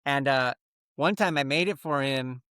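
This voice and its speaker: A man's voice: mid-range voice, normal speed, smooth, no room sound, clean studio sound. A Mexican-American man in his thirties, a podcast co-host telling stories in casual chat, swearing freely and acting out what others said. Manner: animated storyteller, acts out quotes, swears freely.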